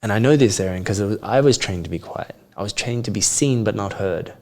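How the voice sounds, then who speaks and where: A man with a fairly low voice speaks in a reflective coaching conversation. He asks probing questions and then lays out his points in a calm, explaining way. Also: fairly quick. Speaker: coach, podcast guest.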